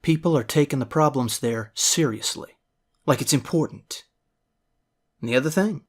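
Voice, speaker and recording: Sardonic Midwestern commentator, blunt. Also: male voice, mid-range voice, expressive, normal speed. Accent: American Midwestern. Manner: sardonic, blunt, with jokey asides. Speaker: radio commentator. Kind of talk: opinion monologue.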